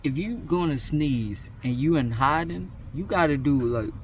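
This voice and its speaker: A man's voice: a little high, animated, measured pace, a little hiss or hum. A young man telling a school story in a casual, slangy, self-mocking way. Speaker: vlogger.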